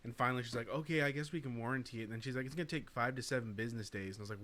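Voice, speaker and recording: A young man co-hosts a podcast in a medium-pitched voice, racing along with few pauses and a sharp tone. A laid-back, profane storyteller, he acts out the voices and quotes of other people.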